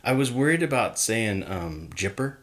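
A man's voice: lowish voice, sing-song, moderate pace. A man co-hosting a podcast in casual chat, playful and jokey, rambling a little. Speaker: podcast co-host.

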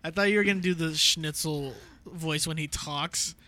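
A woman's voice: low voice, moderate pace, sharp tone. A woman chatting casually with friends, giggly and laid-back. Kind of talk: casual chat among friends.

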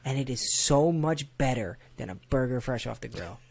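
Man, casual podcast co-host, emphatic swearing ranter, mid pitch. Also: animated, moderate pace, creaky, darkish tone. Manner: emphatic ranting, heavy swearing. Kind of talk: casual banter.

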